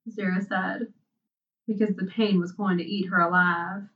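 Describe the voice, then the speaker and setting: A woman narrating a story aloud in an unhurried, soft-spoken way. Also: medium pitch, flat delivery. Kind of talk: storybook reading. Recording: dull, distant sound.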